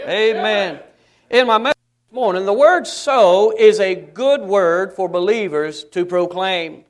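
High-voiced preacher, smooth tone. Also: male voice. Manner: preacherly, call-and-response, breaks into song. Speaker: pastor. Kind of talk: sermon.

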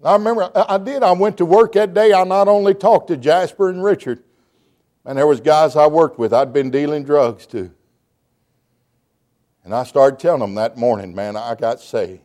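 A middle-aged preacher man with a high, ringing voice. He swings from hushed storytelling to loud, emotional shouting, and he stumbles and restarts words as he drives his sermon along. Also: moderate pace.

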